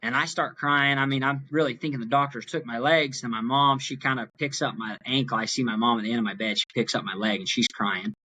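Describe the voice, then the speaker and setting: A young man as a podcast guest, earnestly retelling a personal story in an animated way. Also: medium pitch, fairly quick, few pauses, slight background noise. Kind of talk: storytelling in an interview.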